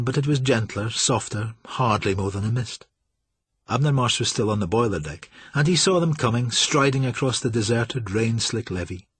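A man narrating an audiobook with a low, husky voice and measured, steady delivery. The sound is close and dry, with no room around it. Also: no room sound. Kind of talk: scripted narration.

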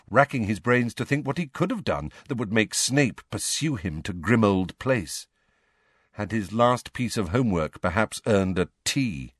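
A man narrating a novel in measured storytelling. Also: lowish voice, no echo, clean studio sound. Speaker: audiobook narrator. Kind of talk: scripted narration.

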